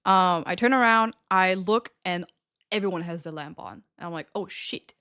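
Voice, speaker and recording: A woman's voice: on the low side, moderate pace, bright, forceful tone, smooth, no room sound, clean studio sound. A young woman live streamer casually telling a story to her chat, laughing often and swearing freely.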